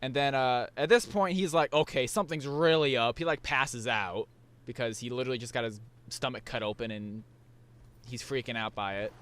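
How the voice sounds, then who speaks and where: A man's voice: medium pitch, normal speed, fairly bright tone. A young man hosting a casual chat, rambling through a recap with many restarts and fillers. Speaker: podcast host.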